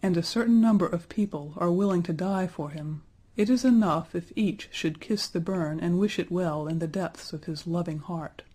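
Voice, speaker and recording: A woman's voice: on the low side, normal speed, few pauses, dark tone, slightly rough. A woman playing a fond old nurse. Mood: gentle.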